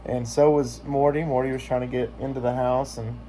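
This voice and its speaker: A man's voice: medium pitch, little pitch movement, fairly quick, dark tone, a little hiss or hum. A man vlogging in casual chat, joking and rambling with lots of filler words.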